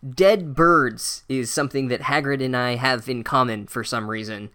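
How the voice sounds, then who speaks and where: A man's voice: medium pitch, normal speed, pushed and bright, lightly acted. A man voicing a smug, condescending old male wizard headmaster, pompous and drawling.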